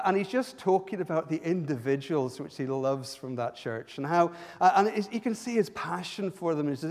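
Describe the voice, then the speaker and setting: A man preaching a sermon as pastor, stumbling and repeating words, swinging his pitch and loudness up and down. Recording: long hall reverb.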